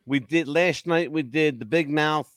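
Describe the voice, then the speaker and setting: A man co-hosting a casual roundtable chat, joking around and laughing loudly. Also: a little high, measured pace, no room sound. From United States. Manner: animated, joking, loud laughs. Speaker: co-host.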